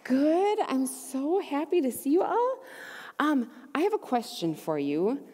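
A young adult woman leads a children's message in church, upbeat and gentle, asking the kids simple questions. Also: sits high, very animated, unhurried. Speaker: children's ministry leader. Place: church sanctuary. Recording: long church reverb.

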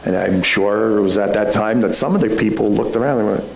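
A man's voice: fairly low pitch, brisk, vocal fry, darkish tone. A male pastor preaching a sermon in a conversational style, full of rhetorical questions. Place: church sanctuary. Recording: echoey room, faint background hum.

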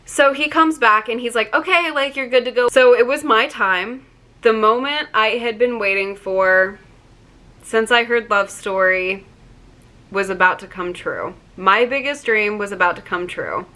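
A young woman telling a story in a casual storytime vlog, excited and gushing, saying "like" often. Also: medium pitch, unhurried. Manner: excited, gushing, heavy use of "like". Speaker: vlogger.

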